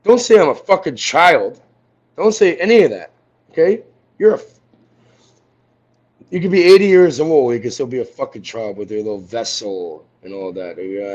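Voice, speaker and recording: A man ranting angrily and profanely on a livestream, confronting someone he is arguing with. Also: medium pitch. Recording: dull lo-fi audio.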